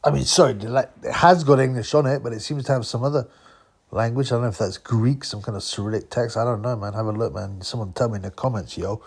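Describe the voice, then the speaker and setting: A man's voice: mid-range voice, fast, gravelly, slightly rough. Rambling man ranting on a vlog. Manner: rambling, laughs often, conspiratorial rant. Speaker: boxing channel host. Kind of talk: casual commentary vlog.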